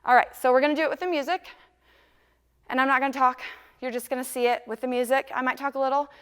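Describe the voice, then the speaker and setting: A young woman leads a dance class, counting steps and calling moves in a lively, encouraging way. Her voice is smooth, clear and a little high. The studio adds a long ringing echo around her. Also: fast. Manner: upbeat, counts moves aloud and sings lyric snippets. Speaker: dance instructor.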